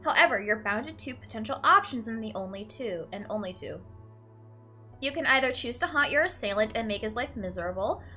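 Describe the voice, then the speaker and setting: A woman's voice: a little high, fairly quick, faint music behind. A young woman playing a game, reading its questions aloud and reacting with emotion, often saying "like" and "literally", tearful at times. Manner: emotional, swings from flat to teary and laughing. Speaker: let's play streamer.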